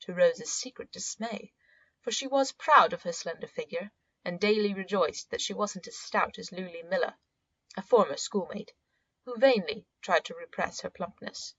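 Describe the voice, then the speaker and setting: Woman narrator, measured storybook reading, muffled recording. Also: medium pitch, husky. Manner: measured and expressive, voices the uncle in quotes. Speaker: audiobook narrator. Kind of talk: scripted narration. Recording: dull, muffled audio.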